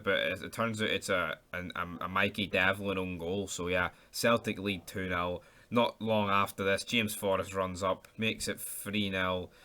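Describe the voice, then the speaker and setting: A young man giving an excitable, sweary, chatty football match review as host of his own channel. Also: on the low side.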